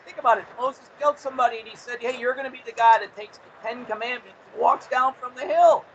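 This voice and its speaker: A man with a notably high voice speaks in a relaxed conversational way. He tells an earnest personal story and acts out the voices of the people in it. The recording is a bit dull, with faint noise underneath. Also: quick pace. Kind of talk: casual chat. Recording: slightly muffled recording.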